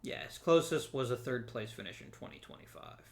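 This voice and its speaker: A man's voice: medium pitch, sing-song, brisk, vocal fry. A man hosting a let's play, giving casual, joking commentary and talking to the viewers and to the players on screen.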